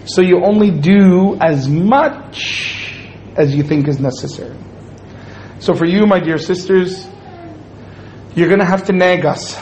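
A man's voice: high voice, unhurried, pauses often, a little mellow, slight background noise, poor audio. A man giving a humorous Islamic lecture to an audience, joking and acting out little scenes as he speaks. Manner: joking, playful storytelling with acted-out quotes.

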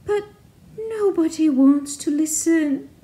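A forlorn storybook banshee, put on by a woman, speaks in a high, drawn-out voice. The tone stays soft and mellow, and every line sounds like a plea to be heard. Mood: pleading. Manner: slow, pleading, high. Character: sad lonely female banshee who wants to sing.

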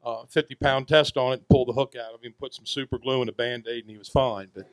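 A man, a charter boat captain telling folksy, animated stories to an audience and acting out the characters. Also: medium pitch, quick pace, no room sound. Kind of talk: storytelling to an audience. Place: VFW hall event.

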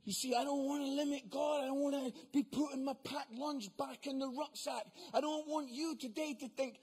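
Man, sermon, very high pitch, excitable, shouts for emphasis. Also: normal speed, hardly any pauses. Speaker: guest preacher. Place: church venue.

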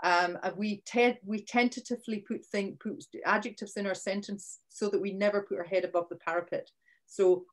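A woman's voice: mid-range voice, fairly even intonation, moderate pace. A Scottish woman leads a live online training session over a video call. She talks in a chatty way, restarts her sentences often and punches out the words she wants to stress. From Scotland. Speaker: workshop presenter.

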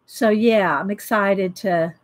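A woman's voice: medium pitch, slow pace. A woman hosting a casual livestream from her home art studio, greeting viewers by name and rambling with fillers. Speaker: livestream host. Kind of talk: casual live-stream chat.

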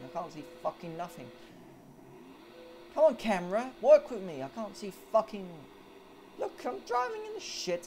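Man narrating his own gameplay, swears freely, talks to the screen, voice jumps around a lot, engine and game noise behind. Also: high voice. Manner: cursing, chatty, mutters at the game. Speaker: gamer. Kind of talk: let's-play commentary.

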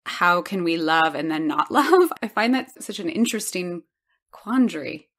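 Deep-voiced woman, musing. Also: animated, moderate pace, a bit bright. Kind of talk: casual conversation.

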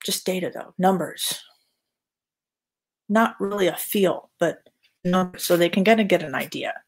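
Low, husky-voiced woman chatting casually. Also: unhurried. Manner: rambling, with frequent fillers and restarts. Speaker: artist hosting a live chat. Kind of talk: casual livestream chat.

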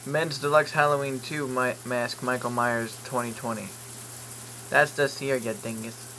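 This YouTube vlogger speaks at medium pitch with fairly even intonation, a little slowly, in a bright and forceful tone. He browses online and reads listings aloud, tossing in rambling jokes and the odd swear word, over a rough recording with slight background noise.

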